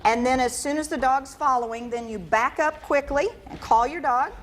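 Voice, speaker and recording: A woman dog trainer explaining training methods as a TV guest, calm and instructive. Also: high voice, normal speed, slight background noise. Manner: calm, instructive, warmly coaching. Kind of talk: explaining on a TV show. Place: TV studio.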